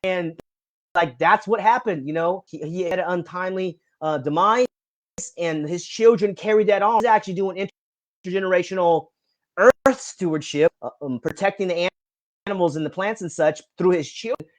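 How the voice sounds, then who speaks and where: A man's voice: sits high, moderate pace, no room sound. A man talking as a podcast guest in casual conversation, earnest and passionate, with thoughts that wander from point to point.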